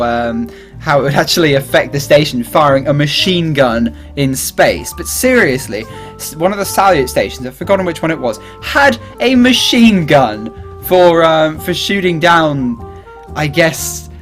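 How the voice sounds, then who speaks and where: Rambling English man with a fairly high voice. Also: big pitch swings, moderate pace, a bit bright. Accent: English, between Midlands and Southern. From England. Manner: rambling, jokey, often laughing. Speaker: gaming YouTuber. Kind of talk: gameplay commentary. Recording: faint music underneath.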